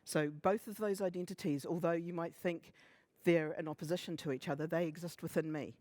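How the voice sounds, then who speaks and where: A man in his fifties gives a conference talk in a slightly raised voice, humorous and animated. He keeps acting out what other people say. The sound is close and dry, with no room around it. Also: fairly high pitch, brisk, no room sound. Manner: humorous, animated, acts out quoted remarks. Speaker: conference speaker. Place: conference stage.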